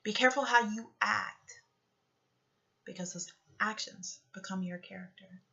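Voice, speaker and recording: A woman's voice: medium pitch, unhurried, gravelly, sharp tone, lo-fi sound. A woman giving a motivational talk with guided meditation, coaching earnestly and often checking in with "okay?". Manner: earnest, repetitive coaching, frequently asks "okay?". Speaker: motivational speaker.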